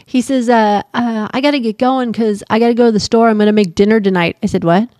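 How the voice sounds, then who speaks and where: A woman's voice: on the high side, fast, dry recording. A woman in her fifties co-hosting a casual chat podcast, telling family stories with lots of laughter. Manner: animated storyteller, laughs often. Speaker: podcast co-host.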